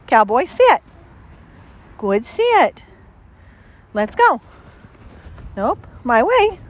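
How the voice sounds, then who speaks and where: A woman's voice: high-pitched, big pitch swings, extremely slow, pauses often. A woman dog trainer recorded outdoors, talking casually through a training session and giving a dog lots of upbeat praise. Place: outdoors, cold and windy.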